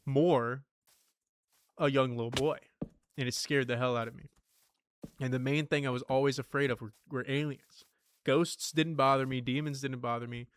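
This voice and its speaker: A man's voice: mid-range voice, a bit bright, smooth, no echo. Rambling, swearing young man gaming. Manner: loose and rambling, lots of swearing and "dude". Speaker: gaming streamer. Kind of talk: casual gameplay commentary with storytelling.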